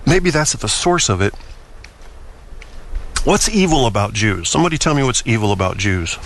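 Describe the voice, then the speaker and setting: A man's voice: medium pitch, lively intonation, moderate pace, gravelly, a bit bright, a little hiss or hum. A man hosting a solo talk show, speaking in an opinionated, rambling way with frequent stammered restarts. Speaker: podcast host.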